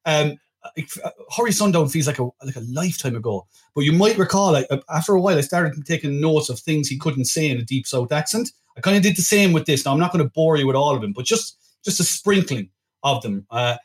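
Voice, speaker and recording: A man hosts a casual film-review chat in a wry, rambling way. His voice sits a touch high for a man. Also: animated, a little fast, breathy edge. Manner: wry, chatty, full of restarts. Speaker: podcast host.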